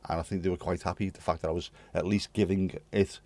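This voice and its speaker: A man's voice: low-pitched, level tone, quick pace, warm tone, no echo. A British man hosting a livestream, rambling cheekily through chat messages with swear words and jokes. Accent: British English. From United Kingdom. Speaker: livestream host. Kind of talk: casual chat to live chat readers.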